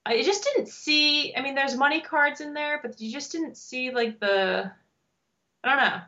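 Bright chatty young woman, lo-fi sound. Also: sits high, normal speed. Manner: chatty, laughs a lot, animated storytelling with many fillers. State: pregnant. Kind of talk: casual chat. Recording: dull lo-fi audio.

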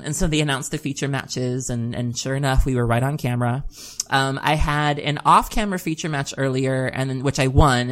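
A woman co-hosting a podcast, telling a long story in casual chat, laughing often and filling pauses with "um". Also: low-pitched. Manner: chatty storytelling with frequent laughs and "um"s. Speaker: podcast co-host.

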